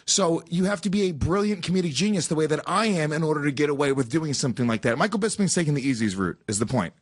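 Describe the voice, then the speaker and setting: A man's voice: on the high side, lively intonation, quick pace. A man co-hosting a podcast, teasing his partner and reading listener questions. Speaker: podcast co-host. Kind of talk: casual podcast banter.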